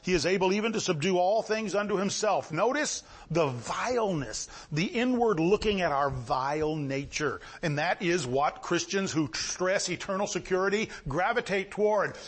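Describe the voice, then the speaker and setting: Animated high-pitched male preacher. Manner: animated, swings from low reading to high exclamations; reads scripture in King James wording. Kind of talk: sermon.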